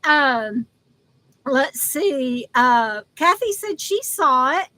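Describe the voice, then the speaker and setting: Older woman, live-stream host, chatty and affectionate, high bright voice, halting delivery. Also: animated, no echo, poor audio. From Texas. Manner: chatty, affectionate, laughs often, halting with fillers and restarts. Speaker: livestream host. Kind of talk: casual live-stream chat reading comments.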